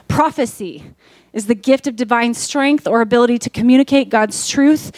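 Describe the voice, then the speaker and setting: Woman pastor, sermon, higher voice, dry close sound, casual delivery that builds to emphatic peaks. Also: normal speed, a little mellow, no room sound. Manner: conversational preaching, rising to emphatic peaks.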